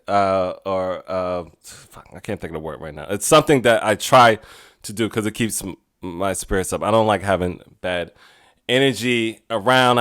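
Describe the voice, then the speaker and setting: A man's voice: lowish voice, a bit bright. A man hosting a podcast, telling rambling stories in a casual way and laughing often. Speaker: podcast host. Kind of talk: casual storytelling monologue.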